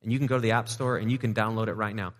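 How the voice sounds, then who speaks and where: A man's voice: on the low side, fairly even intonation, very fast. A man preaching a sermon as pastor in a loose, conversational way with playful asides. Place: church sanctuary. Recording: reverberant church hall.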